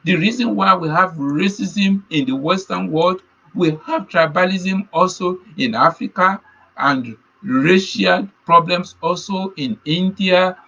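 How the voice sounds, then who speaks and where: A man's voice: high voice, a little slow, vocal fry, pushed and bright, highs cut off. A man preaching a sermon, telling a personal testimony in an earnest way and repeating key phrases. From Nigeria.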